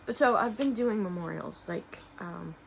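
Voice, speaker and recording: Gravelly-voiced woman chatting to camera. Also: mid-range voice, slight background noise, rough recording. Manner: halting, many fillers and trailing restarts; soft-spoken and emotional at times. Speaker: small business owner and artist. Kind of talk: casual vlog talking to camera while showing products.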